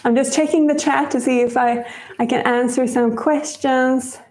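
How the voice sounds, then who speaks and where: A woman's voice: high voice, steady tone, moderate pace, darkish tone, roomy sound. A woman hosting a casual live-stream baking demo, chatty and rambling and laughing often. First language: Swedish. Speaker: cooking show host.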